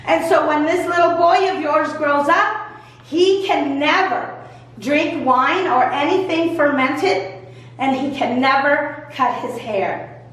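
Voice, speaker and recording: A woman's voice: high voice, takes it slowly, a bit bright. Playful woman pastor telling a story. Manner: playful, folksy. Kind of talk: storytelling to children. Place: church. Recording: echoey church room from far off.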